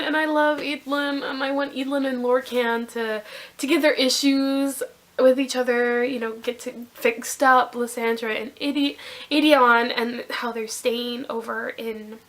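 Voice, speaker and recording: A young woman gushing through a casual book review vlog, excitable and rambling, with many restarts. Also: fairly high pitch.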